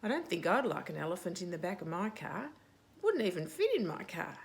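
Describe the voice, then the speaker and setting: A woman's voice: fairly low pitch, sing-song, a little fast, creaky. A middle-aged woman hosting story time, reading a picture book aloud to children with dramatic whispers and playful sound effects.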